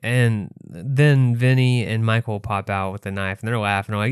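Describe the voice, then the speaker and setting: Male podcast co-host, low and smooth, casual and profane, dry close-mic sound. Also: unhurried, no room sound. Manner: laid-back, swears freely, exasperated asides. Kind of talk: casual chat recapping a movie.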